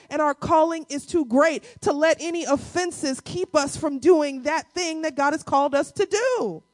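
A woman in her forties preaching a sermon, with playful asides and key lines repeated slowly for the congregation. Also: no room sound. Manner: playful asides with quick dips into a low, quiet voice. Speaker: pastor.

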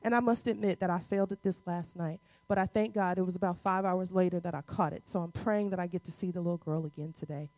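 A woman in her forties preaching a sermon, with playful asides and key lines repeated slowly for the congregation. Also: steady tone, dry recording. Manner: playful asides with quick dips into a low, quiet voice. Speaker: pastor.

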